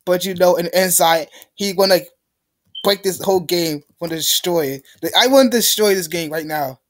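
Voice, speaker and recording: A young gamer with a high-sitting voice delivers let's play commentary at a moderate pace. He rants in frustration and pleads with the game.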